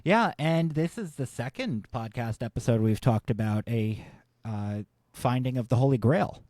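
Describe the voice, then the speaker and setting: A man co-hosting a casual film discussion podcast. He talks in an easygoing, halting way. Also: medium pitch, animated, darkish tone, dry recording. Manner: easygoing, halting, with fillers and restarts. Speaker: podcast co-host.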